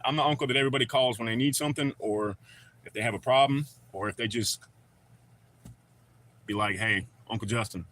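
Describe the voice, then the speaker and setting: A bright, forceful-sounding man, rambling easily through a live chat. He talks in loose slang and greets people as he goes. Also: mid-range voice, brisk, long pauses, slight background noise. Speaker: livestream host. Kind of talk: casual live chat reading comments.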